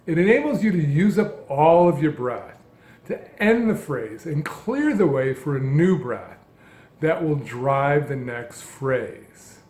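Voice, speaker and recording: A man giving a calm, measured lesson as a speech coach, speaking in deliberate phrases. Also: a little high, reverberant. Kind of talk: instructional narration.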